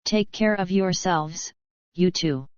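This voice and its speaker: A woman's voice: lowish voice, slow pace, smooth, dry recording, dull audio. A woman reading the part of Jansen, a confident, joking male team leader, in an audiobook. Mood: easy, joking.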